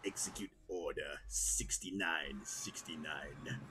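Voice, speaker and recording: A man doing an impression of a sinister old male emperor villain, speaking in a low, hushed, menacing whisper. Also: background noise. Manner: slow, menacing.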